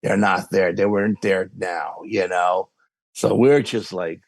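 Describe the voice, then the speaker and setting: A man's voice: lowish voice, steady tone, unhurried, gravelly, a little mellow, no echo. A man with a New York accent, a podcast guest telling a long story with quoted dialogue. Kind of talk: casual storytelling.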